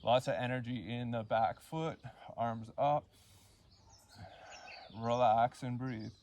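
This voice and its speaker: A man leading a yoga class, cueing poses and breaths in a calm, unhurried way and counting the holds. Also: medium pitch, muffled recording, slight background noise. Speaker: yoga instructor. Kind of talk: guided yoga class instruction.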